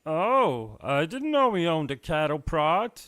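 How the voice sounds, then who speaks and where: A man's voice: a little high, big pitch swings, slow, fairly bright tone, full character voice. A man playing a meek, dim sidekick who speaks hesitantly and mildly. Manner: hesitant, mild, starts with fillers. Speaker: sidekick co-host.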